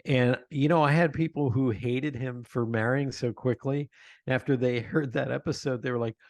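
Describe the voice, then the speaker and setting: A man chatting as an interview guest in a dry, deadened space. His pitch sits in the middle range. He tells stories with animation and laughs often. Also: steady tone, normal speed, dry recording. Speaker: podcast host, guest. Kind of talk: conversational interview.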